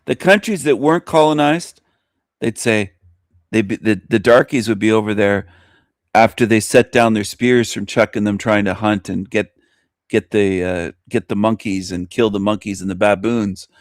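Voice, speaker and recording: A man's voice: fairly low pitch, moderate pace, dry recording. Taunting male show host, dry sound. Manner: boastful, taunting, laughs at own lines. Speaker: host of a live internet talk show. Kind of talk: provocative monologue rant.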